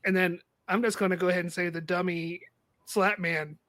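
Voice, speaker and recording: High-voiced man cracking wry jokes. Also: steady tone, a little fast, bright, forceful tone, dry recording. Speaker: podcast guest. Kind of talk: casual movie review chat.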